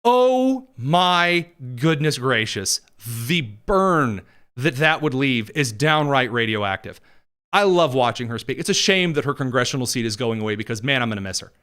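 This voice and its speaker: A man's voice: mid-range voice, lively intonation, a little fast, pushed and bright. A man hosting a political commentary show, talking in a sarcastic, mocking way with exaggerated emphasis.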